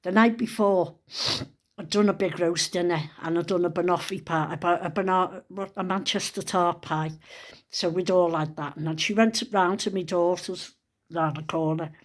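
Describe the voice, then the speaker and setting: A woman's voice: fairly low pitch, steady tone, normal speed. An older woman, telling rambling stories in a casual monologue, with plenty of swearing. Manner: rambling, chatty, salted with swearing. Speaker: vlogger.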